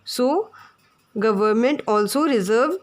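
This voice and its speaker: A woman's voice: fairly high pitch, lively intonation, slow pace. A woman teacher, explaining words to young pupils and spelling them out letter by letter. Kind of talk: online class lesson.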